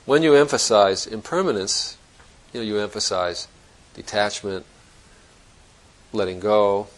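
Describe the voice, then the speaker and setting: A man's voice: fairly low pitch, measured pace, poor audio. A man giving a Zen dharma talk to students, thinking aloud in a reflective, conversational way and often restarting his sentences. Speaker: Zen teacher.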